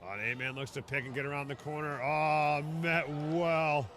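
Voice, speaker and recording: A man in his thirties giving casual, excitable live rugby commentary outdoors. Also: on the high side, moderate pace. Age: 30s. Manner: chatty, excitable, bursts into shouts on big plays.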